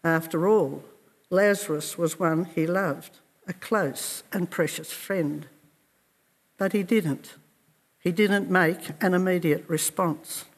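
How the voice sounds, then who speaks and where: A man preaching a sermon in a slow, earnest and reflective way, with measured pauses. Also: sits high, fairly even intonation, long reverb tail.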